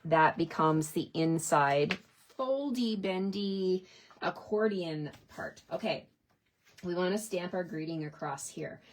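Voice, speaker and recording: A woman's voice: fairly low pitch, lively intonation, slow pace, a little hiss or hum. Chatty woman demonstrating card-making. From Canada. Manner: chatty and enthusiastic, addressing viewers as you guys. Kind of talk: crafting tutorial.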